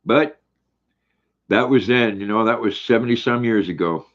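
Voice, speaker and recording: Eating on a casual livestream, an older man reads his viewers' comments out loud in a folksy way. His voice is on the low side at a normal speed, heard through dull, lo-fi audio.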